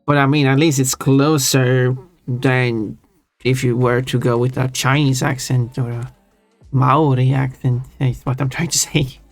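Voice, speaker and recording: A man's voice: medium pitch, flat delivery, measured pace, no room sound. A man chats casually on a live stream and answers his viewers. He rambles and often restarts his words. His voice sounds close and dry, with faint chill music playing under it. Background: soft chill music.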